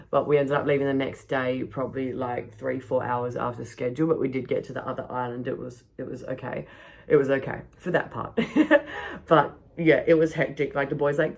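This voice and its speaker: Low-pitched woman host, loose profane storyteller who laughs through her tales. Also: creaky. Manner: swears freely, laughs often, many fillers. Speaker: podcast host. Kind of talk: casual storytelling monologue. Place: backyard.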